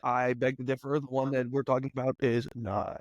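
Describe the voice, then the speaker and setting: A man's voice: medium pitch, level tone, no room sound. A man in his thirties co-hosting a podcast in a studio, joking around and laughing a lot. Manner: jokey, laughing, quick comic bits. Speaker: podcast co-host. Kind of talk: casual chat. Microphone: studio mic.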